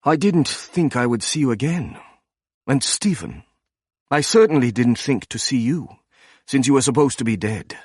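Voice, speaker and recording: A man doing a soft-spoken German academic. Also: mid-range voice, animated, moderate pace, dry recording, studio quality, voice pushed up. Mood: smooth. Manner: polite, formal, smoothly unruffled. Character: soft-spoken German male academic doctor, cool and composed.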